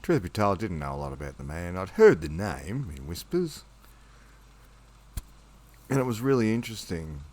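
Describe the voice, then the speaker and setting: A man hosting his own channel, talking calmly and unhurriedly in a relaxed late-night monologue at home before reading his poetry. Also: sits low. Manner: calm, unhurried, rambling.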